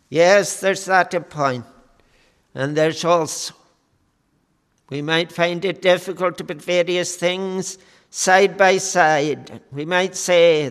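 A man preaching a sermon in a slow, measured way, with frequent fillers. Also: on the high side, fairly bright tone, smooth, in a large hall.

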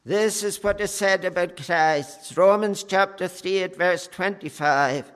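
A man preaching a sermon with slow, earnest delivery, pausing often on "eh" and appealing with fervent "oh"s. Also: sits high, a bit bright, clear, resonant tone. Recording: long hall reverb.

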